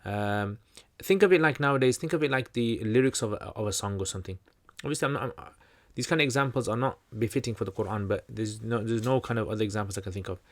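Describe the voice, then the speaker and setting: A man's voice: fairly low pitch, fast talker, few pauses. A man hosting a livestream Q&A, teaching in a loose, conversational way, full of fillers and restarts. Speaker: channel host answering questions.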